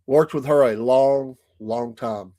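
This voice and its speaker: A man's voice: medium pitch, slow, warm tone, no echo, studio quality. A Southern American man hosting a morning livestream show, chatty and folksy, laughing often. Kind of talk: casual livestream chat. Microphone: streaming mic.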